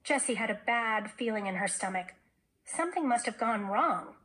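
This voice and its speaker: A woman teacher reading a children's novel aloud in an expressive storytelling manner. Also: fairly high pitch, moderate pace, poor audio.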